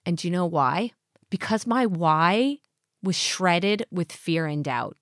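Woman, podcast host, earnest motivational coaching, lowish voice, dry close sound. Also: expressive, slow pace, fairly bright tone, no room sound. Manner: earnest, coaching, full of rhetorical questions.

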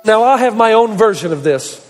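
Man, pastor, sermon, very high voice, emphatic repeated lists, long echoing reverb. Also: animated, normal speed, soft background music.

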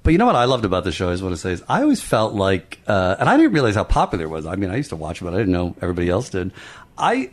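A man's voice: low voice, wildly swooping pitch, very fast. A man co-hosting a radio talk show, easygoing and reflective. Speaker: radio co-host. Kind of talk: casual chat.

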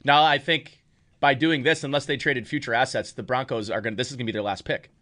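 A man with a bright, forceful voice co-hosting a casual draft discussion. He muses aloud and leans on easy fillers as he builds toward a point. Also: mid-range voice, fairly even intonation, fast talker. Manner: conversational, many fillers, musing. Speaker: co-host. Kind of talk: casual sports talk.

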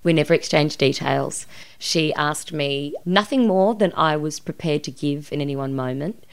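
A woman's voice: sits low, moderate pace, clear, resonant tone. An Australian woman in her forties, a guest telling a personal story openly and reflectively in a podcast interview. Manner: earnest and reflective, recounting emotional events openly. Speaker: guest, actress.

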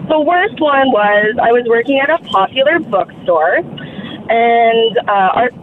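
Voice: medium pitch, expressive, unhurried. A radio caller telling a story in a wry, exasperated way over a tinny phone line with crowd noise.

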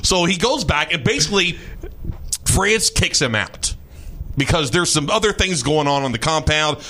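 A man hosting a talk radio show, telling a strange story in an animated, mocking way and often repeating his words. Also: fairly high pitch, moderate pace. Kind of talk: casual storytelling chat.

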